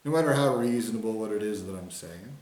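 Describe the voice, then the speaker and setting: A vlogger speaks quickly and expressively in a fairly low, darkish voice, delivering an angry, profane monologue to camera. He insists through repetition and mocks others with sing-song put-on voices, while the room echoes noticeably.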